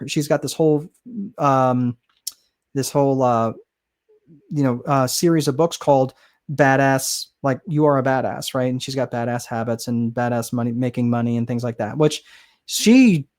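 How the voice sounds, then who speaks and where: A man's voice: mid-range voice, darkish tone. A middle-aged man explaining how to write a book in a casual, rambling way, full of fillers and restarts. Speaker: business author and course host. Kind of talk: casual teaching monologue.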